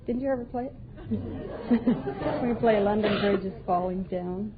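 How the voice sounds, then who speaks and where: Young woman, giggly quiz contestant, loud audience behind, tinny old broadcast. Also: medium pitch, a little slow, over a noisy crowd. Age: young adult. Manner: giggly and hesitant. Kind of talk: unscripted chat on a radio quiz.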